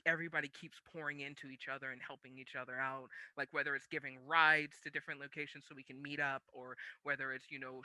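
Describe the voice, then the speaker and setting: Woman, interview guest, bright forceful voice, animated storyteller, acts out past dialogue, laughs often. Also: sits low, no echo. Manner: laughs often while telling stories. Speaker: sumo champion guest; military veteran.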